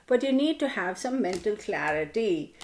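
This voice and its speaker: A woman giving a casual tarot card reading to camera, chatty and animated, playfully scolding her viewers. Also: medium pitch, normal speed. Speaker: tarot reader.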